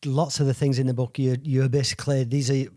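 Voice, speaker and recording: A man's voice: medium pitch, level tone, quick pace, dark tone. A man hosting a podcast, speaking in casual conversation, earnest and reflective. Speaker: podcast host.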